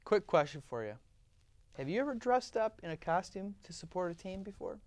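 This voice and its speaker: A man's voice: sits high, big pitch swings, brisk, no echo. A man hosting a casual sports talk show, teasing his guests as he talks. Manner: teasing, joking. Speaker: host.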